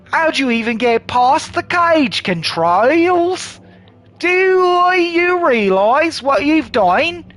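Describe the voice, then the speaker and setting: Guy doing a fake aussie accent, weathered old dude yelping shocked questions, way high and loud. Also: big pitch swings, drawn-out words, heavily acted. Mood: alarmed. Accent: put-on Australian. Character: weathered older man, alarmed and scolding.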